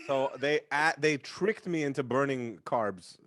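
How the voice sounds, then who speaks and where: A man's voice: medium pitch, a little slow, dry recording. A young man guest on a casual online show, telling a rambling story full of swearing. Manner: profane, animated storyteller doing voices. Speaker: podcast guest.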